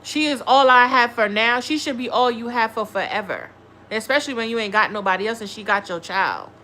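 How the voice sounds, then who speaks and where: A woman's voice: on the high side, brisk, sharp tone, a little hiss or hum. A woman giving a blunt, profane, scolding tarot reading on a live stream. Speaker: tarot reader.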